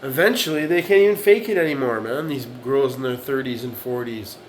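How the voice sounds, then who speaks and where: In a brisk mid-range voice, a late-forties man vlogs a casual monologue to camera, blunt and profane. He repeats himself and often asks "right?", and the low-quality recording has a little hiss or hum.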